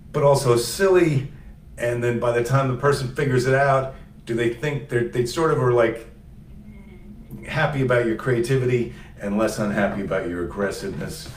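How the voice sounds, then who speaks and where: A man's voice: mid-range voice, slight background noise. A man chatting casually to viewers in a rambling, jokey way, often breaking off mid-sentence. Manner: rambling, jokey, self-interrupting. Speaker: comedian doing a daily live stream. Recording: roomy sound, mic at a distance.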